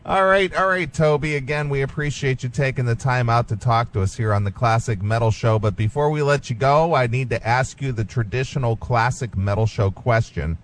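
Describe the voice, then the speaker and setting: A man's voice: mid-range voice, brisk, few pauses. A man hosting a radio show, interviewing a guest and joking with him.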